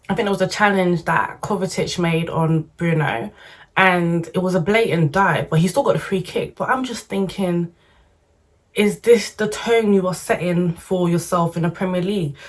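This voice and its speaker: A woman, talking football to her camera in a lively, slangy, opinionated way. Her voice sits a little low for a woman, and her delivery is casual and animated. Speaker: football vlogger.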